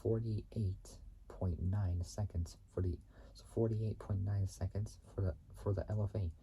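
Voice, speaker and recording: A man reads car facts for his own video in a very low, dark, mellow voice. He stumbles often, restarting and repeating phrases before correcting himself. A faint hiss sits under the recording. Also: fairly even intonation, a little slow, vocal fry, rough recording. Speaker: YouTube channel host.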